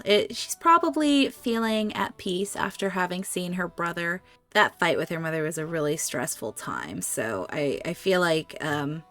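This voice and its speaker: A woman's voice: on the low side, a bit bright. A woman giving casual let's-play commentary on her life-sim game, chatting to her characters and cooing over the animals. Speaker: gaming YouTuber.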